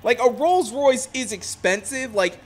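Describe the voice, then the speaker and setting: A young man from Ohio giving casual, rambling commentary while streaming a racing game, getting excitable when telling stories. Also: very high voice, unhurried. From Ohio, USA. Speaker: gameplay streamer.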